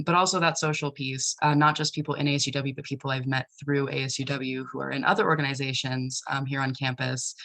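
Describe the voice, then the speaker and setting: A woman's voice: extremely low pitch, gravelly, a bit bright. A student government member who has partly lost her voice, answering earnestly and reflectively with many fillers. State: losing her voice. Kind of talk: casual panel answer.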